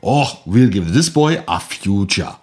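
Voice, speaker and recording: A man voicing a gruff, pompous doctor, speaking loudly and slowly in booming exclamations. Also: big pitch swings. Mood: delighted. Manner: loud, slow, booming exclamations.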